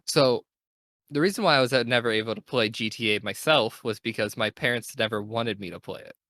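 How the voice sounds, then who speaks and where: A man's voice: mid-range voice, fairly quick, fairly bright tone, no echo. A young man hosting a casual gaming podcast, talking in an enthusiastic, rambling way and correcting himself as he goes. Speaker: podcast host.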